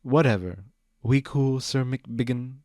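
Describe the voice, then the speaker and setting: A man's voice: mid-range voice, takes it slowly, dark tone, dry recording, studio quality, close to an everyday voice. A man doing a smug, sarcastic chaos spirit. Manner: sarcastic, theatrical.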